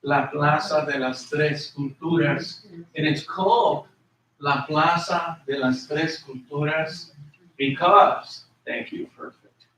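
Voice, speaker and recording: A man's voice: a little high, takes it slowly, bright, forceful tone, a little hiss or hum. A man giving a history lecture to a class, explaining terms patiently and repeating words and spellings for his listeners. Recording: echoey room, voice from a distance.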